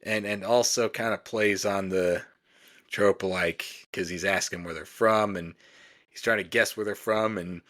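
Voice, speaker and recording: Deep-voiced male podcast co-host. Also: fairly even intonation, unhurried, fairly bright tone. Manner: rambling, many "like" and "you know". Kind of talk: casual chat recapping sketches.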